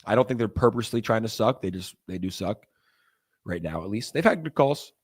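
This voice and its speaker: A young man hosting a crypto livestream, talking to viewers in a loose, animated, ranting way. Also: on the low side, fairly quick, husky. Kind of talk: casual livestream talk.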